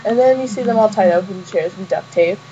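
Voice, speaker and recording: A woman's voice: medium pitch, fairly quick. A young woman giving a casual, rambling fan review of a show episode, full of fillers and restarts. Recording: dull lo-fi webcam audio with faint noise.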